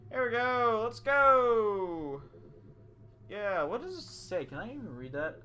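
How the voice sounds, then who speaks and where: Man, let's play commentary, jokey, goofy asides, high voice, unhurried. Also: very animated, sharp tone, a little hiss or hum. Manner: jokey, goofy asides, reads game dialogue aloud. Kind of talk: casual gaming commentary.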